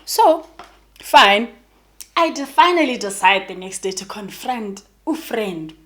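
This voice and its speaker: Speaking slowly in a medium-pitched voice, a young South African YouTuber with a matching accent shares a personal story. She's animated and chatty, addressing her audience directly as "guys."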